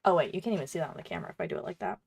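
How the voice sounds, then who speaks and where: A woman's voice: sits low, wildly swooping pitch, racing, creaky, a little mellow, husky. A woman cosplayer chatting casually while she crafts, bubbly, rambling and self-deprecating. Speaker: cosplayer and streamer.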